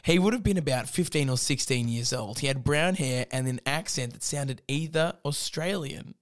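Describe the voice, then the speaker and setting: A man's voice: mid-range voice, moderate pace. A man hosting a comedy podcast, reading a silly story aloud and breaking into laughs and banter. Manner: laughs often, animated, mock-dramatic.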